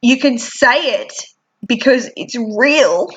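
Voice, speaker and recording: Woman, vlogger, teary and sniffly, blunt and sweary, high bright voice, unhurried pace, dull lo-fi sound. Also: animated. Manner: blunt and frank, swears freely. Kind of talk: candid personal vlog.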